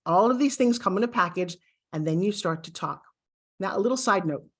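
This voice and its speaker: A woman from the United States teaching an online lesson straight to the viewer, lively and coaching, often acting out little exchanges. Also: mid-range voice, fairly quick. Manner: animated, acts out little quoted exchanges. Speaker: course instructor. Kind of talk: direct-to-camera online lesson.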